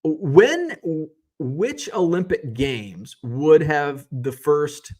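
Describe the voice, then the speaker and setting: A man's voice: medium pitch, a little mellow. Chatty middle-aged man hosting a live show. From United States. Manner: rambling, chatty, tangents and self-corrections. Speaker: live show host reading viewer chat. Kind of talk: casual live-stream chat.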